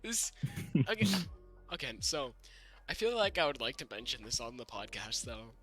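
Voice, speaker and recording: A young man co-hosting a casual podcast, rambling with fillers and restarts and a slightly raspy voice. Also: medium pitch, big pitch swings, moderate pace, pushed and bright, faint music behind. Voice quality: slightly raspy, throat-clearing. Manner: rambling, lots of fillers and restarts, laughs often. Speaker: podcast co-host. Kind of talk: casual chat.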